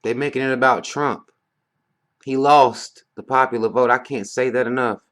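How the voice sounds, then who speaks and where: In a steady, fairly bright, medium-pitched voice at normal speed, a man rants to camera for his vlog. He's blunt and heated, swearing and firing off rhetorical questions.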